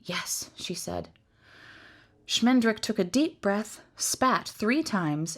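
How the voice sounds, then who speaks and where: Low-voiced woman reading a novel aloud. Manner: measured, expressive storytelling. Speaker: reader.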